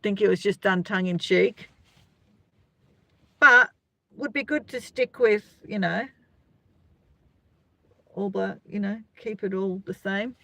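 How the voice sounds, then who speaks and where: Slow and creaky, with long pauses and a sharp tone, this mid-range voice comes from a middle-aged Australian livestream host. She rambles casually and greets viewers by name as she reads their comments, and there's no room sound.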